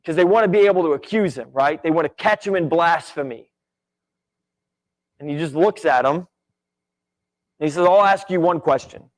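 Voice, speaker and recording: Male church teacher, relaxed conversational delivery, voice sitting a bit high. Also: moderate pace, long pauses. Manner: conversational, many "right?" and "like" asides. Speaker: Bible class teacher. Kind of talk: casual Bible lesson.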